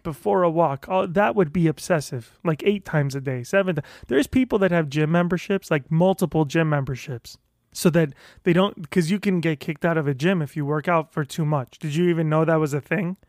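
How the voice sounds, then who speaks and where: A podcast host launches into a solo, swearing, self-motivating rant, restarting and repeating words whenever he gets heated. His pitch is fairly high, and the studio-quality audio has no echo.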